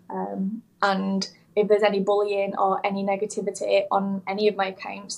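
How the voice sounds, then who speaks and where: A woman's voice: medium pitch, vocal fry, rough recording. A young woman speaking candidly as a podcast guest over a video call, rambling and heartfelt, with lots of fillers and restarts. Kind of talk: candid interview talk. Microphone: remote video call.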